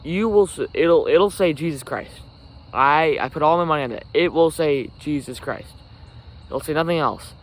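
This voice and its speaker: A man's voice: fairly high pitch, moderate pace. A man hosting a casual solo podcast outdoors by a forest, talking in a rambling, self-correcting way. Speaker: podcast host. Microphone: camera recording himself. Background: insects and crickets.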